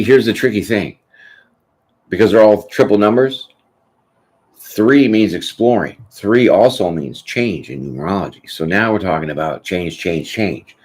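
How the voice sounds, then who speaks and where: A man's voice: low-pitched, darkish tone. A man hosting a tarot channel, chatting casually and rambling through a live question session, often tossing in "you know what I'm saying". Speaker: tarot reader host.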